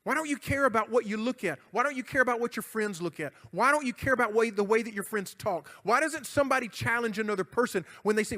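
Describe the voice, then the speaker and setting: A man's voice: very high-pitched, sharp tone. A middle-aged man, preaching a youth sermon in an emphatic, conversational way with jokes. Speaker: youth pastor. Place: church hall. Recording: church hall reverb.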